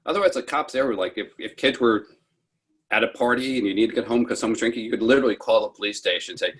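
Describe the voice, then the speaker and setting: A man's voice: on the low side, fast talker, a bit bright, slightly rough. A man in his sixties from New York, telling a personal story over a video call in a rambling, self-correcting way, acting out the voices he quotes. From New York, United States. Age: 60s. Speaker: interviewee. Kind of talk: casual storytelling.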